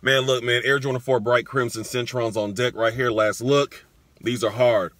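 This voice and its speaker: Excitable man in a dry sneaker vlog. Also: mid-range voice, moderate pace, no echo. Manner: excitable, emotional, slangy, addresses viewers directly. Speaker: sneaker vlogger. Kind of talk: casual sneaker unboxing vlog.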